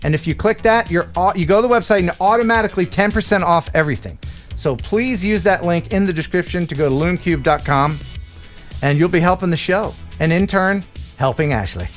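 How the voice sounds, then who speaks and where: A man from the United States hosting a casual live-stream chat, animated and laughing often. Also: sits high, brisk, faint music behind. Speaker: host.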